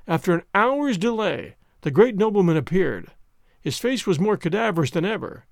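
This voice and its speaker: A man narrates an audiobook with a fairly high voice and animated, lively intonation. His tone carries a gravelly texture, and the recording is dry and close. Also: normal speed, no echo.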